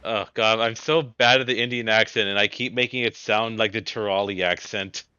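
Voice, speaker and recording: Male let's-player, casual and self-deprecating; bright, slightly muffled dry sound. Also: lowish voice, fairly even intonation, normal speed, smooth, no echo. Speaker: let's-play host. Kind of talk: casual game commentary.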